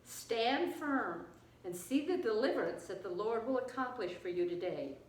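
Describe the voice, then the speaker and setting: A woman reading the part of Moses, a steady leader calming his people. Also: fairly high pitch, normal speed, a little hiss or hum, lightly acted. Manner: reassuring. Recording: echoey room, distant mic.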